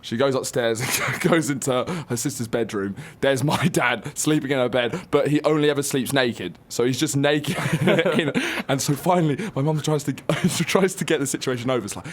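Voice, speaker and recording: Male co-host, mid-pitched and easygoing, tells funny family stories with plenty of laughter. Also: brisk, few pauses. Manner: laughs through anecdotes, relaxed. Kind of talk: casual chat, storytelling.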